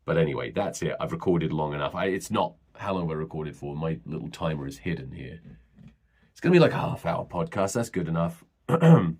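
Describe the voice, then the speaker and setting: A man's voice: extremely low pitch, big pitch swings, brisk, a little mellow. A man hosting a solo podcast, rambling and swearing bluntly as he rants. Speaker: podcast host.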